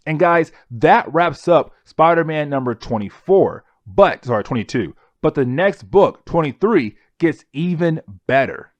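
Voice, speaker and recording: A man's voice: on the high side, lively intonation, unhurried, few pauses, no room sound. Chatty man retelling a comic story. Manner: chatty, addresses viewers as guys, loose paraphrased quotes. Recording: dry, dull lo-fi sound.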